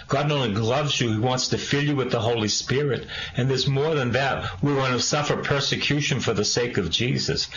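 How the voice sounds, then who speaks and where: A man preaching a sermon, reading scripture aloud and breaking in with quick, emphatic asides to the congregation. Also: mid-range voice, a bit bright. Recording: echoey room, dull lo-fi sound with faint hiss.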